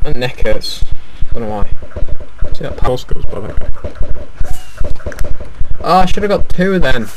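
A man's voice: mid-range voice, big pitch swings, a little slow, pauses often. A young man giving casual, self-deprecating commentary while playing a video game. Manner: chatty, self-deprecating, easily frustrated. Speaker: gaming YouTuber. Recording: noisy home mic recording.

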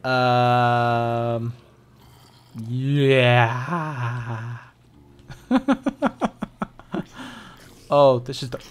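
Guy doing chill let's-play commentary, slow talker, chats to the mobs and giggles a lot. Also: mid-range voice. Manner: playful, chats to monsters, giggles and yelps. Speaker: gameplay commentator.

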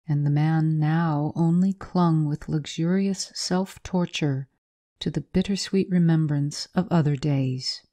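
A woman narrating a literary story in a measured audiobook reading. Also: low-pitched, warm tone.

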